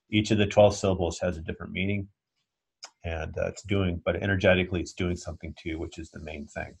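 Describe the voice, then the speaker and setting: Patient low-voiced male yoga teacher. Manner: patient, checks understanding often. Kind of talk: instructional class talk.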